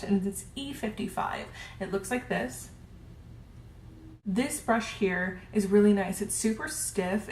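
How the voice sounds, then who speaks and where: A woman's voice: mid-range voice, darkish tone. A woman casually reviewing her makeup brushes, gushing and chatty with lots of ums. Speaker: beauty vlogger. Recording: roomy with faint hiss.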